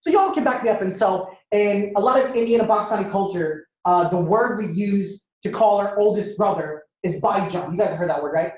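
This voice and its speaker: A young man from Ohio telling stories as a stand-up speaker, acting out characters with sudden jumps in pitch. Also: fairly quick, few pauses. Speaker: comedian and speaker. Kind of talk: storytelling stand-up talk to an audience. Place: university lecture hall. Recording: echoey hall, dull lo-fi sound.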